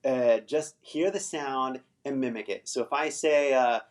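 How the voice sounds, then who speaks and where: A man's voice: medium pitch, a little slow. An American man hosting a casual live-stream English lesson, loose and chatty, full of fillers, with the odd swear word. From United States.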